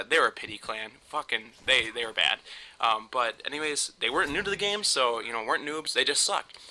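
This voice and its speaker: A man's voice: mid-range voice, bright, forceful tone, a little hiss or hum. A young man casually telling a story over gameplay, rambling and swearing often with frequent laughs. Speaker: gaming commentator.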